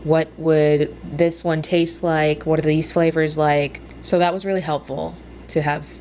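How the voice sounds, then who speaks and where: A woman's voice: deep voice, level tone, unhurried, darkish tone, slight background noise. Gushing young woman vlogging. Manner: enthusiastic, gushing. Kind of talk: casual travel vlog.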